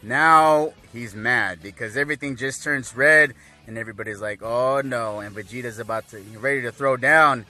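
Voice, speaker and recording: A man's voice: mid-range voice, normal speed, soft background music. A man casually recapping an anime episode, rambling with lots of fillers. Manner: rambling, filler-heavy, animated.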